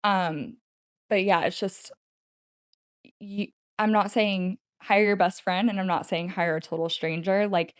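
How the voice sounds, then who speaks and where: A woman's voice: mid-range voice, fairly even intonation, a little slow, clear, resonant tone, dry recording, clean studio sound. A woman appearing as a guest on a podcast and chatting casually, eager and upbeat. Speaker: podcast guest, executive assistant.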